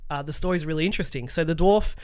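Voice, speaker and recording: A man's voice: on the high side, racing, clear, resonant tone. A young man co-hosting a casual gaming podcast, reading news aloud and riffing on it with casual swearing. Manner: swears casually, reads news items aloud then riffs. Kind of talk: casual chat.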